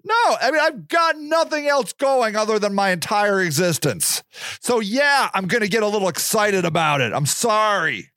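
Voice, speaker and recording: A man in his forties talks on his own in a rambling, animated way, firing off rhetorical questions. His voice is fairly high for a man and swings widely in pitch. The sound is close and dry, with no room echo. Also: normal speed. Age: 40s. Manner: animated, exclamatory, full of restarts and rhetorical questions. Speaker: podcast host. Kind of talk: rambling solo monologue.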